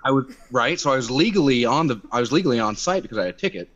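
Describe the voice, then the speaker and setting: A young man tells a story over a video call, animated and swearing freely. He speaks at a middle pitch, and the call audio comes through dull and lo-fi. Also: rapid-fire. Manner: animated, swearing, acts out quotes by raising his voice. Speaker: activist guest.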